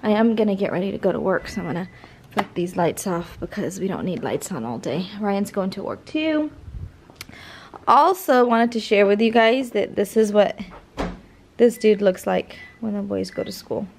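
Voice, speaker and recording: A woman's voice: animated, moderate pace, a little hiss or hum. A woman in her thirties chatting casually to her viewers in a home vlog, filming on her phone and cooing at the family dog. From California. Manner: chatty, talks to viewers and to the dog in a high sing-song baby voice. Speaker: family vlogger. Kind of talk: casual vlog chat to camera.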